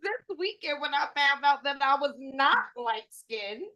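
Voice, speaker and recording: Animated woman telling stories. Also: high voice, a little slow, dull audio. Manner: animated storyteller, acts out quoted voices. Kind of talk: casual group chat, storytelling.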